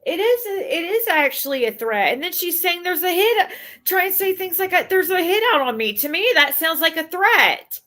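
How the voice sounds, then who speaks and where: A woman's voice: very high-pitched, expressive, normal speed, sharp tone. A woman livestreaming a casual rant to her chat, blunt and profane, sounding exasperated as she talks things through.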